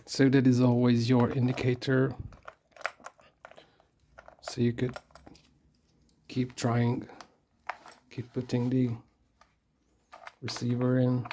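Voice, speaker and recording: A maker giving a casual hands-on tutorial, explaining slowly and carefully and talking to themself while working. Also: mid-range voice, mellow, a little hiss or hum. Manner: slow and careful, talks to self while working.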